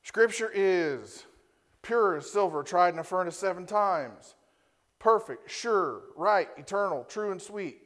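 Man preaching with a fairly high voice. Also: lively intonation, measured pace, a bit bright. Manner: teaching, often ends points with a rhetorical "right?"; reads Scripture aloud and defines Hebrew and Greek words. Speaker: pastor. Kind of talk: sermon. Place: church before a congregation.

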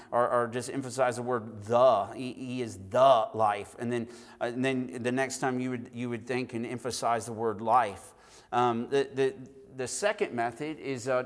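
Brief: male preacher, mid pitch, earnest sermon delivery with frequent restarts, hall reverb. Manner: earnest, repeats words and restarts often.

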